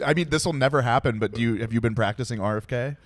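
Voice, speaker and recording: A man's voice: medium pitch, fast. A man hosting a casual podcast, asking loose, joking questions with frequent stumbles and restarts. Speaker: podcast host.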